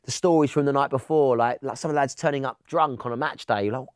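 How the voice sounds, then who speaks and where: A man's voice: medium pitch, fast, smooth, dry recording, studio quality. A man with an Essex accent, a podcast guest telling stories in casual chat, with lots of restarts. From England. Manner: chatty storyteller, many restarts.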